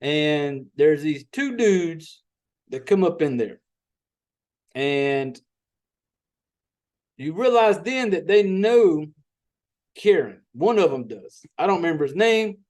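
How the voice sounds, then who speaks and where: High-voiced Southern man recapping a movie. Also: very animated, slow, long pauses, darkish tone. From Southern United States. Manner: profane, rambling storyteller. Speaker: podcast host.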